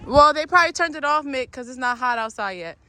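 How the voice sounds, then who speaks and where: A woman's voice: high-pitched, expressive, quick pace, sharp tone. A woman vlogging with a handheld camera on an outdoor nature trail, chatting casually as she walks with her children. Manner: chatty, narrating while walking with her kids. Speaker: vlogger mother. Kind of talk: casual vlog narration. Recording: noisy outdoor recording.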